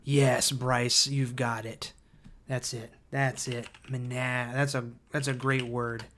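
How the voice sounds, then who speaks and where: Guy on a livestream reading chat aloud, slow and hesitant, lots of ums, gets excited about ideas. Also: mid-range voice, a little hiss or hum. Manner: thinking aloud, hesitant with frequent fillers and restarts. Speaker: livestream host.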